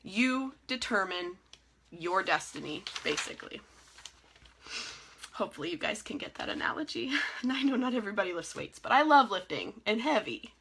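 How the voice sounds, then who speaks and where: Bright, upbeat woman. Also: medium pitch, moderate pace, a little hiss or hum. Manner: energetic, encouraging, chatty with frequent laughs. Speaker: team leader giving a live training. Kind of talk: casual motivational talk. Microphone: phone or webcam in a live video.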